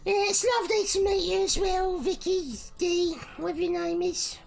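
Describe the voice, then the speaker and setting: Woman plays an easygoing traveler, high gravelly voice, faint music behind. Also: steady tone, normal speed, full character voice. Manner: casual, easygoing. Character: cheerful male traveler visiting the city.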